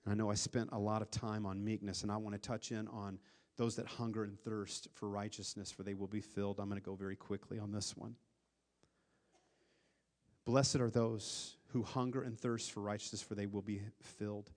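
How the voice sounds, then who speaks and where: A pastor preaching a sermon, earnest, with a voice that swells louder and then drops to a hush, often repeating words as he restarts. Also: fairly low pitch, level tone, normal speed. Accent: Upper Midwest American.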